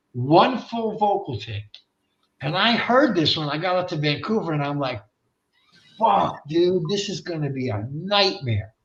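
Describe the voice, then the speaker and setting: A man guesting on an interview show, telling a rowdy, profane story in an animated way and acting out the voices of the people in it. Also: high-pitched, reverberant, highs cut off. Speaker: guest rock singer.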